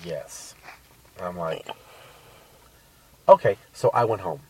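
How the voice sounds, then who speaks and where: A fairly low male voice tells a crude personal story in loose, swearing podcast chat. He sits a bit back from the mic. Faint noise and clicks run underneath. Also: slow pace, far from the mic, poor audio. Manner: crude, animated, acts out quotes.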